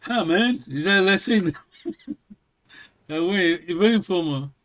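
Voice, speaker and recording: A man with a notably high voice leads an informal language class. He talks in a halting way, repeats himself and stops often to check that his students follow. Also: lively intonation, a bit bright. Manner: halting, repeats words, keeps checking with "yes?". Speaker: language teacher.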